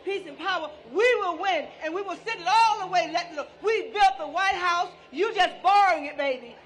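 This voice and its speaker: A woman's voice: extremely high pitch, normal speed. A woman speaking at an outdoor street rally, folksy and playful, leading the crowd in chants. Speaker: rally speaker, organization leader.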